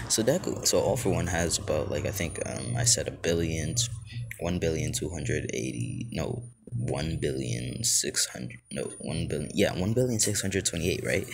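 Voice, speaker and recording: Rambling low-voiced man telling a fan story. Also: lively intonation, unhurried, creaky. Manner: rambling, heavy on filler words. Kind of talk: improvised fan-story narration. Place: outdoors. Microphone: phone held close to mouth. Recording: outdoor phone recording with noise.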